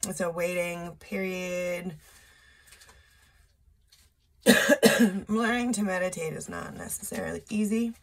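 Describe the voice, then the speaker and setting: Slow, gravelly woman reading tarot. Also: fairly low pitch, animated. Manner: slow, chatty, profane asides. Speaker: tarot reader.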